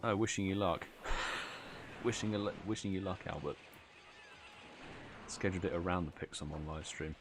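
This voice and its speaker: Low-voiced tired British man streaming. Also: normal speed, long pauses, noisy background. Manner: chatty, reads out chat messages, yawns and laughs. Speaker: livestream host. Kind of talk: casual live stream chat.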